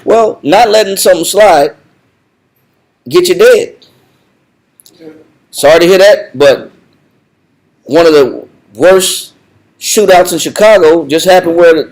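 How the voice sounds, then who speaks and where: Animated man teaching a Bible study. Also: high-pitched, a little slow, long pauses, poor audio. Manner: animated, repetitive, laughs often. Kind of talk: conversational teaching.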